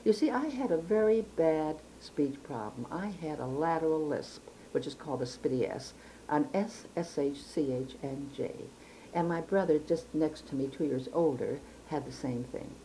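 A woman's voice: low voice, normal speed, mellow, slight background noise, poor audio. An older woman from Chicago recalling her life in an oral history interview, speaking in a reflective, precise way with frequent restarts. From Chicago, United States.

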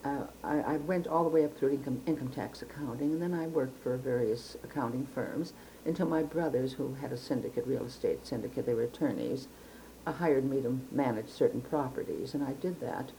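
Low-voiced older woman telling her life story. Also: fairly quick, warm tone, slight background noise, low-quality recording. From Chicago, United States. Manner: reflective, precise storytelling with frequent restarts. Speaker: interviewee. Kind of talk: oral history interview.

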